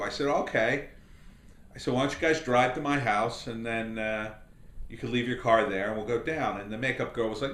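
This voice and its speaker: A man's voice: medium pitch, moderate pace, echoey room. A middle-aged man hosting a podcast, telling a long anecdote in a casual, rambling way. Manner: rambling anecdotal, animated quoted voices. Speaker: podcast host. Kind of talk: casual storytelling commentary.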